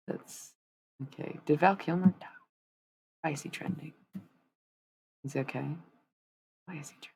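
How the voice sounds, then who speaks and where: A woman's voice: deep voice, creaky, a little hiss or hum. A woman chatting casually on a live stream as she paints, rambling and swearing freely in asides to her viewers.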